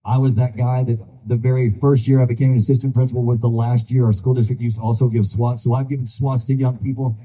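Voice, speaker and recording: A man's voice: medium pitch, flat delivery, fast, few pauses, dark tone, poor audio. An older man giving a folksy, earnest campaign speech, telling stories to a crowd of supporters. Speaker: political candidate.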